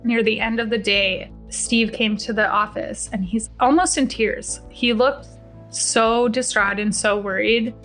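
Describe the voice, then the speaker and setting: A young woman telling a personal story in a relaxed, conversational way, slipping into the voices of the people she quotes. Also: on the high side, a little slow, soft background music. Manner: conversational, acts out the dialogue in quotes. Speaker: guest storyteller. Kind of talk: first-person true story told to a podcast.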